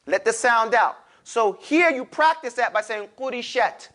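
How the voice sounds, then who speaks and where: A man with a New York accent teaching a class, lively and animated, urging his students to repeat after him. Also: very high-pitched, normal speed. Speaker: Arabic teacher. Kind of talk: classroom lecture.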